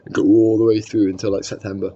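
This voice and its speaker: A man's voice: fairly low pitch, flat delivery, quick pace, dark tone, lo-fi sound. Rambling young man telling a story. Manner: swearing, rambling, keeps adding "do you mean?". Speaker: podcast host. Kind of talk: casual storytelling chat.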